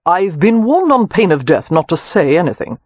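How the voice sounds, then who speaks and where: A flippant, witty young aristocrat with a raised, husky voice, as a male reader plays him. He talks in a light, teasing way, recorded dry and close. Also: high-pitched, big pitch swings, normal speed, darkish tone, no room sound.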